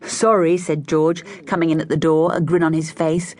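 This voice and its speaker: A woman narrating a children's story, voicing each child with a higher, brighter pitch. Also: normal speed. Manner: lively, voices each child with raised pitch. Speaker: audiobook narrator.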